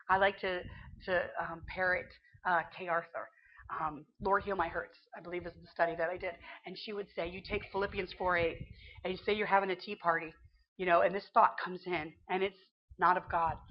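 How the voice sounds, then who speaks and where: A woman's voice: lowish voice, lo-fi sound, a little hiss or hum. Earnest woman giving a devotional talk. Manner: earnest, conversational, quotes scripture. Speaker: Christian teacher.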